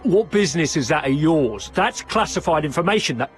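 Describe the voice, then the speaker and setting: A man playing a gruff, self-important male city guard in a game cutscene who blusters and then lets things slip. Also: on the high side, animated, fairly quick, soft background music, lightly acted, low-quality recording. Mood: chatty. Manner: blustering, loose-lipped.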